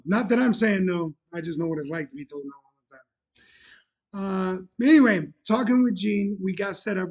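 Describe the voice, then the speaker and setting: A man's voice: high voice, husky. A man hosting his own livestream show, telling a rambling story in casual chat with many fillers and restarts. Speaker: bar owner and show host.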